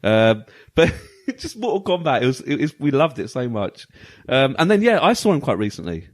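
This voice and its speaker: A man co-hosting a retro gaming podcast, telling a long anecdote in lively, laughing casual chat. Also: medium pitch, normal speed. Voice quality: animated. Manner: lively storytelling, often laughing. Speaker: podcast co-host.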